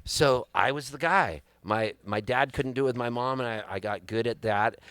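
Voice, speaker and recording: A man in his fifties, his voice in a middle register, spins a rambling, wry story for a live crowd. He talks into a stage mic with animated comic timing, and the sound is dry and close. His pace swings between unhurried pauses and quick asides. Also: medium pitch, clean tone, dry recording. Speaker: singer-songwriter telling a story on stage. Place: live music venue on stage.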